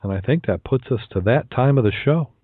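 A man hosting a podcast, chatty and quick to laugh, repeating words as he goes, between casual chat and telling jokes. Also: mid-range voice, expressive, a little hiss or hum. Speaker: podcast host. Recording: tinny phone-like line.

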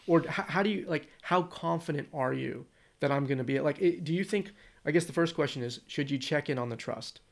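A man's voice: fairly high pitch, a little fast, vocal fry. An American man in casual conversation, thinking aloud in long rambling turns full of restarts.

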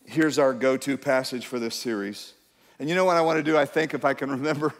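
A man's voice: medium pitch, fairly even intonation, fast. Preaching man in a reverberant church. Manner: emphatic preaching, urging the congregation to respond. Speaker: pastor. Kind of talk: sermon.

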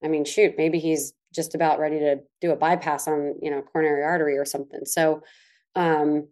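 Lively, animated woman co-host. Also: low voice, fairly quick. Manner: animated storytelling, laughs often, mimics others. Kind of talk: casual chat.

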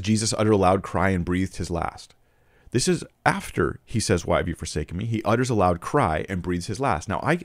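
A man with a low voice talks through his argument, earnest and argumentative, quoting passages and restarting phrases as he goes. The recording is close and dry, with no room sound. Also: no room sound. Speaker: Christian apologetics video presenter. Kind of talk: casual spoken commentary.

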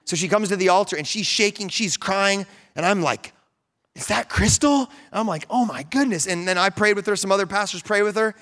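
A man's voice: high-pitched, brisk, few pauses. A man in his thirties, a pastor preaching a sermon and telling stories with rising fervor. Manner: storytelling, animated, rising to fervent peaks.

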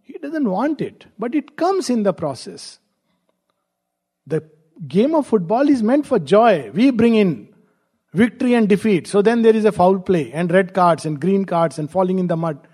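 A male spiritual teacher speaks in a rather high, mellow voice with a breathy, husky edge. He muses aloud, asks rhetorical questions and slips in gentle humor as he unfolds his teaching. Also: animated, normal speed. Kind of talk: spiritual discourse.

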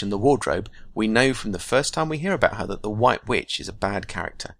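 A man teaches fiction writing in a measured, scripted monologue, laying out each point clearly. His lowish voice has a gravelly texture and a bright, forceful edge. The recording is dry and close. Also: no room sound. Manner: measured, explanatory. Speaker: writing podcast host.

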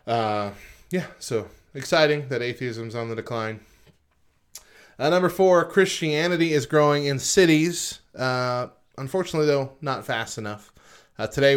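Co-hosting a casual podcast, a man reads statistics off a list, pausing often and tossing in informal remarks. He has a smooth, mid-range voice.

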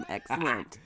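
A woman's voice: medium pitch, a little mellow, no room sound. A woman co-hosting a podcast, laughing often and teasing. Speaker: podcast co-host. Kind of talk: casual podcast banter.

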